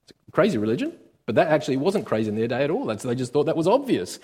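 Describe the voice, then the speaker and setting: A man's voice: on the high side, very fast, slightly rough. Preacher man in a long-echoing hall. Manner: expressive, with sudden swings between loud and quiet; often hesitates with "uh" and restarts. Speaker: pastor. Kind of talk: sermon.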